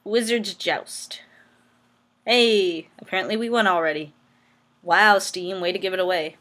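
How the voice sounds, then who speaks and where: Woman playing a text game out loud, rambles a bit, mid pitch, chatty. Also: a little slow. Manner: rambling, self-deprecating asides. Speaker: let's play player. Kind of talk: reading an interactive story aloud.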